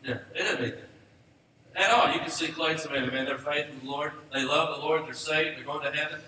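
A man's voice: a little high, bright, forceful tone, slight background noise. A man preaching as a pastor, earnest and rising to emphatic calls to the congregation. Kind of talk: sermon. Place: church sanctuary. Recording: echoey church hall, mic from a distance.

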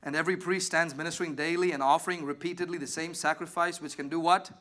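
A man preaching a sermon, emphatic, swinging between loud declarations and hushed asides while questioning the congregation. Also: on the high side, fairly even intonation, quick pace. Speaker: pastor.

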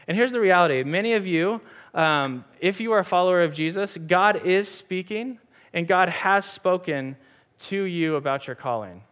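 Brief: young male pastor, fairly high voice, earnest, emphatic sermon delivery. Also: expressive, normal speed, a bit bright. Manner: earnest, emphatic, repeats key lines for stress. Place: church hall with audience.

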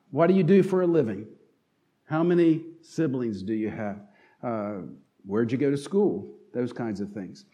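A man's voice: a little high, warm tone. A middle-aged man with a Southern accent from North Carolina, preaching a sermon in an earnest, folksy way with frequent "uh" fillers. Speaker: lay preacher.

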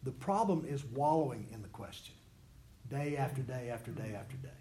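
A man's voice: mid-range voice, animated, fairly quick, dark tone. A man leading a Bible study class, teaching in an earnest, conversational way and voicing prayers in the first person. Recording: echoey room with faint background noise.

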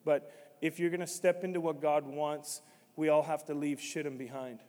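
A man preaching a sermon as pastor, swinging from quiet, conversational stretches to sudden loud, emphatic shouts. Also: a little high, flat delivery, normal speed, big-room sound.

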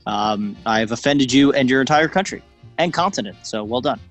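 A man's voice: medium pitch, animated, brisk, faint music behind. A man co-hosting a podcast, chatting casually in a joking, rambling way. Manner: jokey, rambling storyteller. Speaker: podcast co-host. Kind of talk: casual chat.

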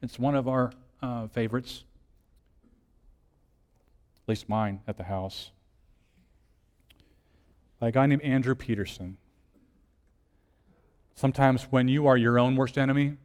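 A lead minister giving a conversational sermon, asking rhetorical questions and swinging between soft, hushed lines and emphatic ones. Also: male voice, mid-range voice, measured pace, long pauses, in a large hall.

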